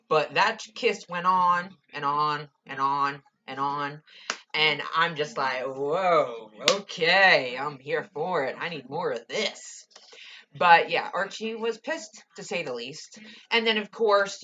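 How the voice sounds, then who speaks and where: Young woman, casual episode review, gushing and ranting, lowish voice, dull lo-fi recording. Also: bright, forceful tone. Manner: gushing and ranting, lots of "like" and swearing.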